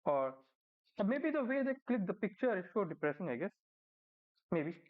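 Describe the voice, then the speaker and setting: Indian-accented man hosting a reaction video, halting chatty delivery, thin phone-line sound. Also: sits high, very animated. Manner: hesitant, full of fillers and tag questions. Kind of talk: casual reaction commentary.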